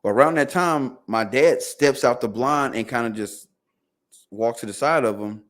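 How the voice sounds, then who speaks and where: A man's voice: medium pitch, normal speed. A man guest on a podcast telling a long story in loose casual speech, acting out what his family said. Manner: animated, acts out quotes of family.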